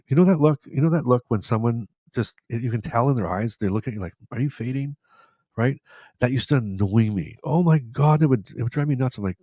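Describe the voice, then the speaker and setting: A man's voice: medium pitch, darkish tone, dry recording. A middle-aged man hosting a podcast, talking casually and giving advice in a rambling way, repeating phrases for emphasis. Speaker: podcast host.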